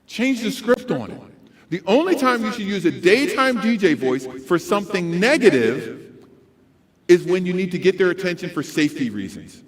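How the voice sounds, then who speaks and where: A man giving a motivational talk to educators at a school conference, animated and swinging between loud and soft. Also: high-pitched, moderate pace. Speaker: conference speaker.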